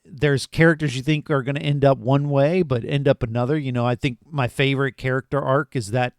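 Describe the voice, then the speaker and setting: Eagerly chatting about a film, a man co-hosting a podcast rambles with fillers in a casual movie review. His mid-range voice is steady, smooth and fairly quick, recorded in studio quality with no echo.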